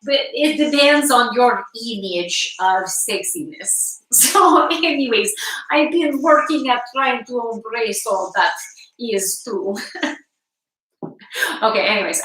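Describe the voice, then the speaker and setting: A woman talks slowly and frankly to her live-stream viewers, laughing often and swearing casually. Her voice is bright and a little high. It sounds distant from the mic, with a roomy echo around it. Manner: giggly, laughs often between phrases.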